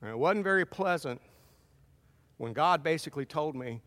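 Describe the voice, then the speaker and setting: A middle-aged man preaching a sermon, earnest and animated, with self-deprecating asides. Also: a little high, normal speed. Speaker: pastor. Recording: long hall reverb.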